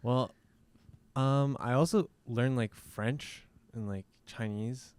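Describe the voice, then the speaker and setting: A man's voice: mid-range voice, slow, a little mellow, clean tone, no echo. A man guesting in a radio interview, speaking in an easygoing way with lots of "like". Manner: easygoing, heavy use of "like". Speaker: band member guest. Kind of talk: casual interview talk. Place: radio studio.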